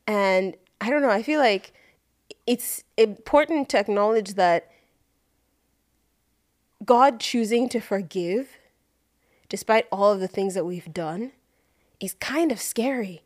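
A woman co-hosting a casual faith podcast, blunt and joking, with quick asides. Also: medium pitch, dry recording, clean studio sound. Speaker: podcast co-host.

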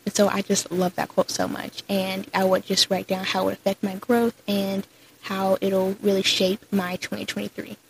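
Chatty young woman, gravelly edge. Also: medium pitch, flat delivery, normal speed, slight background noise, rough recording. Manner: chatty, upbeat, lots of "like" and "so". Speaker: podcast host. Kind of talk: casual solo podcast chat.

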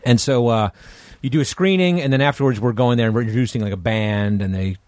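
A man's voice: mid-range voice, quick pace, a little mellow, no echo. A man from Connecticut co-hosting a podcast and telling profane anecdotes in casual chat. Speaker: podcast co-host.

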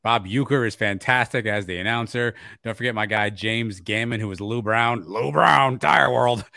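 A man's voice: on the low side, normal speed, clean tone, no echo, clean studio sound. A man co-hosting a podcast, chatting casually about a favorite film and quoting its lines. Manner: animated movie banter, quotes lines. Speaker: podcast co-host. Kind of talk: casual chat.

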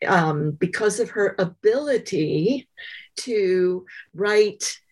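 A woman biographer being interviewed, telling anecdotes conversationally with thoughtful pauses and frequent fillers. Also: mid-range voice, expressive, darkish tone, breathy edge, low-quality recording. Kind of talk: conversational storytelling.

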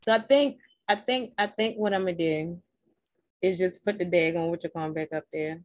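A woman's voice: on the low side, moderate pace, darkish tone, no echo, clean studio sound. A young adult woman hosting a casual live podcast recap, talking straight to her listeners in a rambling, blunt and profane way. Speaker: podcast host.

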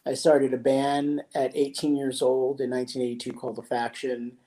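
A man in his sixties from California, telling stories as a guest in a casual interview, relaxed and reflective. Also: mid-range voice, normal speed. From San Jose, California. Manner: relaxed, reflective, with laughs and throat-clearing. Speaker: guest, pro skateboarder.

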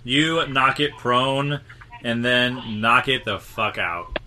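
A man running a tabletop game as game master, giving quick, encouraging rulings. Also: medium pitch, noisy background.

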